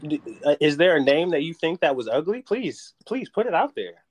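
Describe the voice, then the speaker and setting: A man's voice: a little high, lively intonation, moderate pace, breathy edge. A man hosting a podcast, teasing his co-host in playful, rambling banter. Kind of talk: casual podcast chat.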